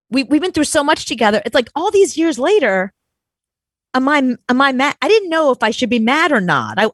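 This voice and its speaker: A young adult woman co-hosting a casual talk show, chatting in an animated way and acting out quotes. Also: medium pitch, dry recording. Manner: animated, quick to act out quotes. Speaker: co-host. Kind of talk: casual chat.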